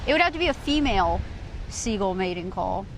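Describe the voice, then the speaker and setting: A woman's voice: medium pitch, very animated, brisk, background noise. A woman livestreaming outdoors on a beach by a port, chatting casually in a giggly, rambling, self-mocking way. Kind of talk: casual live stream chat.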